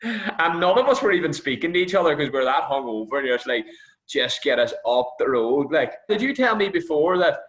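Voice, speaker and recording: A man's voice: a little high, quick pace. A man with an Irish accent hosting a podcast, telling teasing stories in casual chat, with some swearing. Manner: swearing, teasing, animated anecdotes. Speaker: podcast host.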